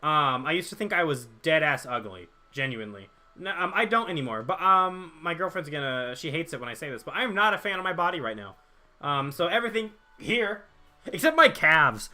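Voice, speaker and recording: A man's voice: fairly high pitch, sharp tone. A young man streaming a game, chatting casually and jokingly with his viewers while reading their chat aloud.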